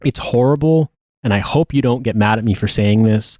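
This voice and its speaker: A man co-hosting a podcast in casual chat, animated and profane, often breaking into laughter. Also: medium pitch, a little fast, no echo, studio quality. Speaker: podcast co-host.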